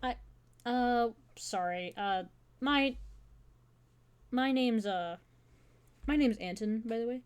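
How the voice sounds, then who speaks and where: A woman's voice: fairly high pitch, takes it slowly, pauses often, smooth. A woman voicing a shy, insecure young man who stammers and gushes as he fawns over someone. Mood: flustered. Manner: stammering, gushing.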